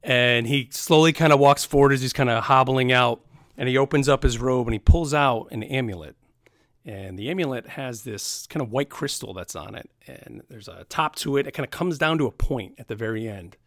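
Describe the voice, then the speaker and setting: A man's voice: mid-range voice, fairly quick, a bit bright, no room sound, clean studio sound. A young man narrating a tabletop game as dungeon master, casual and rambling with many fillers.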